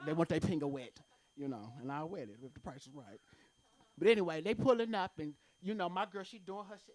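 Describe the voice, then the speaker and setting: A woman's voice: sits low, animated, fast talker. A woman doing a brash, profane stand-up set at an open mic in a comedy club.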